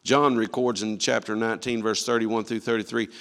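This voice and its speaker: Emphatic male preacher, swinging loud and soft. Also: fairly low pitch, fairly even intonation, fairly quick, creaky, in a large hall. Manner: emphatic, with rhetorical questions and swings from quiet to loud. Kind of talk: sermon.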